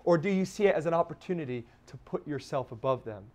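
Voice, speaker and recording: A pastor preaching a sermon, moving from soft and low passages to loud scripture readings. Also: male voice, animated, fast talker. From Texas. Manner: preaching with wide swings between soft and loud, quoting scripture.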